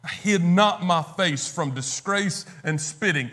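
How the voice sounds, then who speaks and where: Man, high voice, preacher, conversational sermon, acts out quotes. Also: takes it slowly, few pauses, sharp tone.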